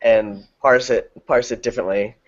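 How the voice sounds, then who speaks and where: A man's voice: mid-range voice, fairly even intonation, moderate pace. A man hosting a casual video hangout, joking around and laughing often. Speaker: vlog host. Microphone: video call. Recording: lo-fi video call audio.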